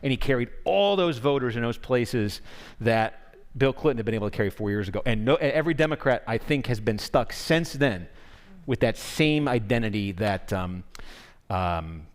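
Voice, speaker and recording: An earnest man explains at length to an audience at a public forum, often breaking off and restarting his sentences. His voice sits at a middle pitch for a man. A long reverb from a large hall trails behind every phrase. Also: animated, moderate pace. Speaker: guest speaker, political correspondent.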